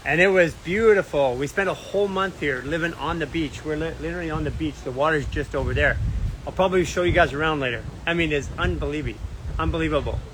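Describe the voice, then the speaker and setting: A man's voice: on the high side, fast talker, fairly bright tone, a little hiss or hum, low-quality recording. A Canadian man hosting a casual live stream outdoors near a beach, upbeat, reading out where his viewers are from. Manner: upbeat, reads out viewer comments and places.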